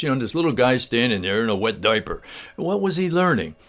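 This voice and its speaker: An older man giving a casual spiritual talk, telling a story in a halting, homespun, earnest way. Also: mid-range voice, sing-song, a bit bright.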